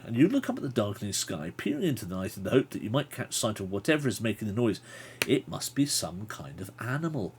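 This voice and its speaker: A man's voice: on the low side, sing-song, fast, slight background noise. A man hosting a livestream, reading a gamebook aloud and chatting playfully with viewers. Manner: playful, chatty asides to chat.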